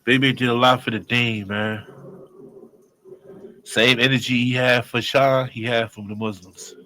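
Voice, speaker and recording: Man, interview guest, casual storytelling, heavy street slang, lots of swearing, average pitch. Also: flat delivery, unhurried, bright, forceful tone, low-quality recording. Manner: profane, street slang, acts out the other people in his story.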